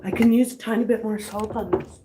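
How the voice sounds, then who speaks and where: A woman's voice: medium pitch, steady tone, brisk, background noise. A middle-aged woman hosting a casual eating livestream at home, rambling and chatting to her viewers between bites. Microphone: camera on a stand.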